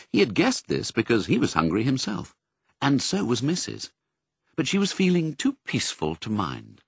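A man narrating a children's storybook, expressive and varied. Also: mid-range voice, gravelly, breathy edge, no echo. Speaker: audiobook narrator.

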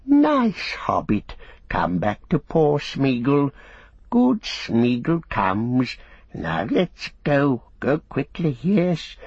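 A man voicing a wretched, sly male creature who hisses and wheedles in halting phrases, for an audiobook. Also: fairly high pitch, vocal fry, a little mellow, breathy edge, dry recording, voice pushed up, exaggerated voice. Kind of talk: audiobook character voice. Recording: dull, muffled recording.

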